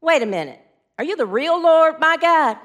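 A woman voicing a frightened man hanging from a cliff, yelling and pleading frantically. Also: sits high, expressive, moderate pace.

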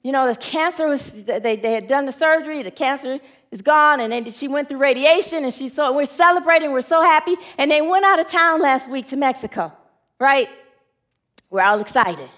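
A woman's voice: high-pitched, lively intonation, normal speed, fairly bright tone. A woman preaching a sermon, using call and response with her congregation and telling stories in an earnest way. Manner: earnest, storytelling with acted quotes.

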